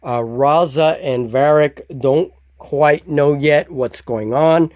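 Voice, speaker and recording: A man narrating a solo tabletop game as game master, describing the scene slowly and deliberately. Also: a little high, darkish tone, no room sound. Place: hobby table with miniatures.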